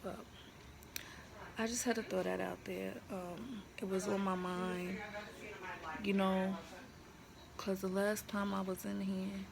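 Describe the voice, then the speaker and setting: A woman's voice: mid-range voice, level tone, slow pace, creaky, long pauses. A woman telling a personal story to her phone camera in a hospital room, frank, emotional and blunt, with plenty of slang. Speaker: vlogger. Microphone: handheld phone camera. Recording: noisy room ambience.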